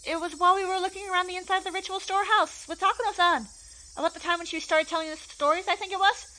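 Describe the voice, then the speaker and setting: A woman voicing a teasing, anxious teenage girl, reading a visual novel aloud in an excitable manner. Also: very high voice, quick pace, voice pushed up, rough recording. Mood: uneasy. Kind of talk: visual novel read-along.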